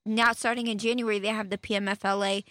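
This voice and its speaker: A young woman co-hosting a podcast in casual chat, blunt and animated, with plenty of profanity. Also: mid-range voice, fast talker, no room sound. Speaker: podcast co-host.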